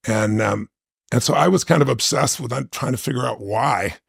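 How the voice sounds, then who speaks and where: A middle-aged man with a deeply gravelly, husky voice tells a story emphatically as an interview guest. He talks conversationally and keeps tagging his points with quick questions to the listener. The sound is close and dry, with no room around it. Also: dry recording. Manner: emphatic, conversational with frequent "right?" tag questions.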